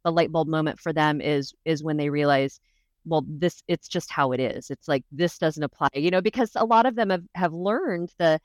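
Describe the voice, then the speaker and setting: A woman's voice: low-pitched, normal speed, dry recording. A woman guest on a podcast interview, explaining practical advice step by step in a reassuring way. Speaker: guest, dental association benefits adviser.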